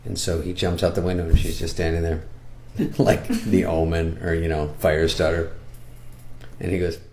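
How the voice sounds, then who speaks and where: A man's voice: normal speed, a little hiss or hum. Sarcastic man riffing in a comic monologue. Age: older. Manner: sarcastic, deadpan riffing with high-pitched impressions. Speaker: comedian. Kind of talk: comedic monologue.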